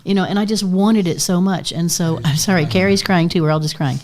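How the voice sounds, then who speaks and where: Low-voiced tearful woman, earnest. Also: fairly quick, a crowd in the background. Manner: earnest and heartfelt. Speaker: co-host. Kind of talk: live podcast chat.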